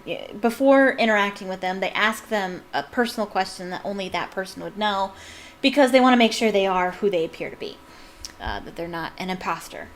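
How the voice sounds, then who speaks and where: A woman reading a novel aloud and breaking off into animated, ranting fan commentary. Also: mid-range voice. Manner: animated, ranting, frequent laughs. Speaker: fan reader and book commentator. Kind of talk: casual read-aloud with commentary.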